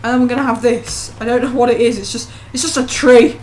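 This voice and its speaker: A woman talks her way through a game, rambling and poking fun at herself with a jokey, offhand manner. Her voice sits a little high, with a faint noise floor behind it. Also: steady tone, quick pace, darkish tone. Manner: rambling, self-mocking, jokey. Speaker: let's play host. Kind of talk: gameplay commentary.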